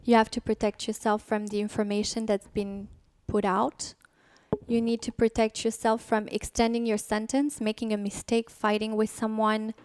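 A woman's voice: on the high side, level tone, normal speed, a little mellow, smooth, dry recording. A woman speaking frankly and emotionally as a guest on an interview podcast. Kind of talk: candid interview conversation.

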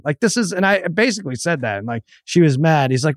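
A middle-aged man with a fairly high voice talks in a loose, rambling way on a podcast. He acts out what everyone said in his story. The sound is dry and close. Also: lively intonation, fast, hardly any pauses, dry recording. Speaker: podcast co-host. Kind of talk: casual chat.

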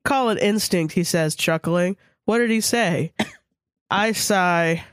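A woman's voice: on the low side, slow pace, dry recording, clean studio sound. A woman co-hosting a podcast, reading a story aloud with casual, crude asides. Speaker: podcast co-host.

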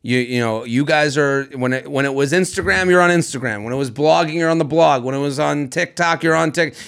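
A man's voice: on the high side, a little fast, gravelly, a bit bright, clean tone. A man co-hosting a podcast, a stand-up comedian who talks in a joking, rambling way and slips into silly bits. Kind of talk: casual podcast chat.

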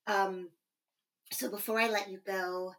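A woman's voice: mid-range voice, fairly even intonation, unhurried, fairly bright tone. Effusive woman podcast host. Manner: effusive, gushing praise. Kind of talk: interview and show outro.

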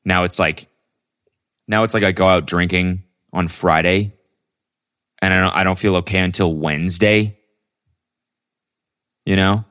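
Male podcast host with a very low voice, casual and rambling, swears freely. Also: fairly even intonation, measured pace, pauses often, a bit bright, clear, resonant tone. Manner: rambling, profane, lots of fillers. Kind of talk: casual solo podcast monologue.

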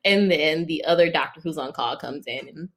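A woman's voice: low-pitched, normal speed. A woman casually telling a personal story, laughing often and acting out what others said. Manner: laughs often, animated in retelling; acts out other people's lines.

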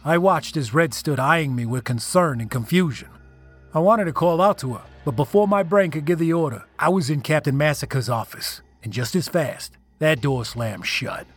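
A man with a slightly high, fairly bright voice narrates a first-person story. He reads the scripted tale aloud with drama and emotion.

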